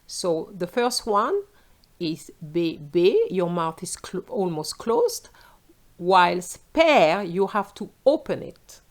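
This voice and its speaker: A woman's voice: lowish voice, animated, takes it slowly. A middle-aged woman whose first language is French, speaking with a French accent as a teacher giving a pronunciation lesson, spelling out letters and modelling words with care.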